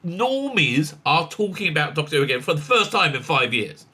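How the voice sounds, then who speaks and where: Excitable man with a bright voice. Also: a little high, moderate pace. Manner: excitable, rambling, many fillers and restarts. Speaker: rabbi and online commentator. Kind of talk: casual commentary vlog.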